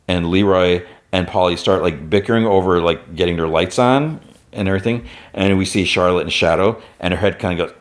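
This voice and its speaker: A man's voice: low voice, moderate pace. A man hosting a podcast, loosely recapping a TV episode with many fillers and acting out characters' lines. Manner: retells scenes, acting out lines in a raised voice; loose, filler-heavy storytelling. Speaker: podcast host.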